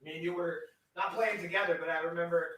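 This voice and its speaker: A man from Canada, in his thirties, co-hosts a sports podcast in a loud, profane rant. His voice sits high and bright. He swings between shouting and low muttering. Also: steady tone, fast, breathy edge. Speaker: fantasy sports podcast co-host. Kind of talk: ranting podcast chat.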